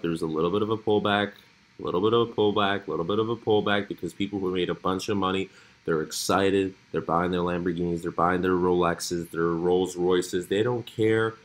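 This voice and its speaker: A man hosting a cryptocurrency channel, talking casually through price charts with animated, swinging emphasis. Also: normal speed. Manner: animated, lively pitch swings. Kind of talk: casual commentary over charts.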